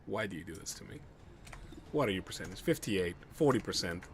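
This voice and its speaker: A man streaming a game live, commenting excitedly and swearing at bad luck. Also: deep voice, fairly quick, a little hiss or hum. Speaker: gamer streaming a playthrough.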